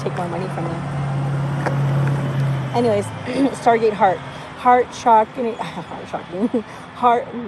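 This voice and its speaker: A woman's voice: mid-range voice, background noise. A woman giving an intuitive card reading in a rambling, casual way, swearing freely and laughing often. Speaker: intuitive reader. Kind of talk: casual spiritual reading monologue.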